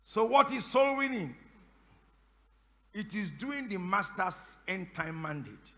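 A man preaching a sermon as pastor, questioning the congregation again and again in call and response and breaking into shouted prayer. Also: sits high, big pitch swings, slow. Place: church service. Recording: echoey church hall.

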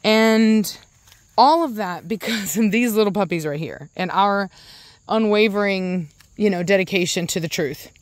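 A woman's voice: medium pitch, a little slow, no echo. A young adult woman hosting a casual vlog, talking in a rambling way with many restarts and stopping to coo at her dogs. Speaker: dog breeder and channel host.

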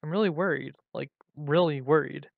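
Guy reading a worried teen girl bestie, pleading, gravelly dull audio. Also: on the high side, a little fast, dry recording. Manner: concerned, pleading. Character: worried teenage girl, caring and blunt best friend. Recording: dull lo-fi recording.

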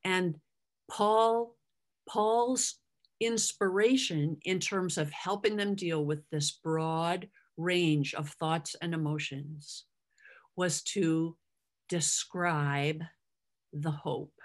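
A woman's voice: lowish voice, very slow. A middle-aged woman giving a conversational Bible teaching, acting out the lines she quotes.

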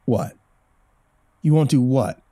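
Man voicing a cocky young jock, sneering and taunting, dark timbre. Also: medium pitch, takes it slowly, natural voice. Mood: mocking. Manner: mocking, taunting. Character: obnoxious young male college jock.

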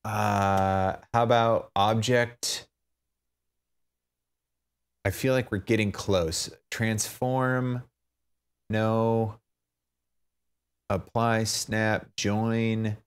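Slow, low-voiced man thinking aloud. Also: smooth. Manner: thinks aloud, fumbling and self-mocking. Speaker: tutorial maker. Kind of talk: unscripted screen-recorded tutorial.

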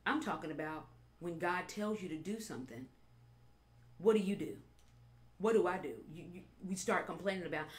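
A woman pastor preaching a sermon with animated delivery, repeating phrases and building to emphatic peaks. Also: on the low side, moderate pace, long pauses.

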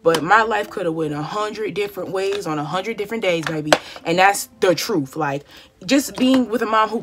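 A woman's voice: mid-range voice, normal speed. Candid woman chatting while doing makeup. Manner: candid, heartfelt, conversational, addresses viewers as y'all. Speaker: beauty vlogger. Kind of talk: chatty get-ready-with-me monologue.

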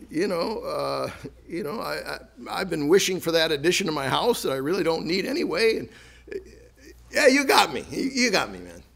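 A man's voice: fairly high pitch, creaky. A man preaching a sermon as pastor, joking and acting out sarcastic asides. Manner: lively, jokey, acts out sarcastic asides with laughs. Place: church sanctuary.

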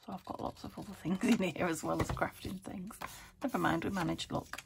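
A woman's voice: on the low side, brisk, vocal fry, noisy background. A woman chatting to herself as she crafts a junk journal, muttering and talking to her materials as she works. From United Kingdom. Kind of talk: casual crafting commentary.

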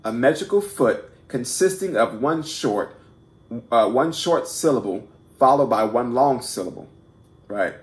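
Expressive and mid-pitched, this man speaks at a measured pace while teaching poetry in a casual, unscripted video. Informal and quick to poke fun at himself, he restarts sentences, repeats words and keeps checking in with "right?", all in an echoey room.

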